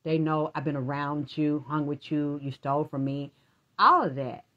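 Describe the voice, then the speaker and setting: Profane ranting woman with a low voice. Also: moderate pace, lo-fi sound. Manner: profane, accusatory, talks in run-on streams; addresses absent people directly. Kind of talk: rambling personal rant.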